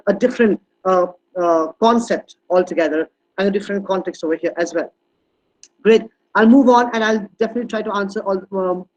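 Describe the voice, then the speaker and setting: A high-pitched male guest speaker on language teaching gives an online teacher-training talk, hesitating often with fillers and restarts. When demonstrating stressed words, he leans on them hard. The audio quality is poor.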